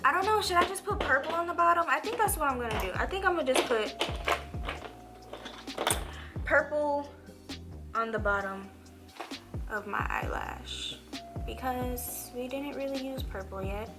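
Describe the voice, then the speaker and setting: A young woman chatting through a makeup tutorial, rambling and animated, her voice jumping up when she rants. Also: normal speed, long pauses, over loud music. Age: young adult. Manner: animated, rambling, swoops high when ranting. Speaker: beauty vlogger.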